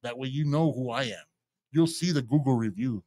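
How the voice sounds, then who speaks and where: A man, co-hosting a podcast and telling a profane, animated story in casual chat. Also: medium pitch, fairly quick, no echo. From San Antonio, Texas. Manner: profane, animated storyteller doing quoted voices. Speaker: podcast co-host.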